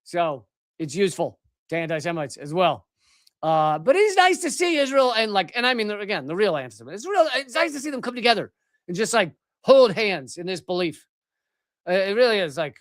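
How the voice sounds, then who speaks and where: High-voiced sarcastic male commentator. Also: lively intonation, normal speed, a bit bright, no room sound, studio quality. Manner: sarcastic, profane ranting; rambling with restarts. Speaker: host. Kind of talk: live political commentary.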